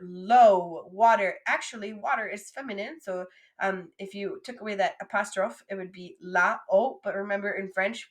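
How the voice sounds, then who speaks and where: A young adult woman teaching a French vocabulary lesson, modelling each word slowly and coaxing her students to repeat after her. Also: medium pitch. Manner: slow, drawn-out modelling of each French word, then quick English asides.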